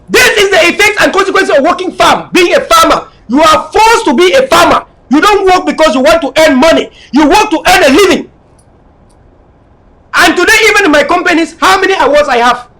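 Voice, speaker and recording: Cameroonian guy going off in a fired-up political speech, high bright voice, loud a lot. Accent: Cameroonian English. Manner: fiery, often shouting. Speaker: political leader.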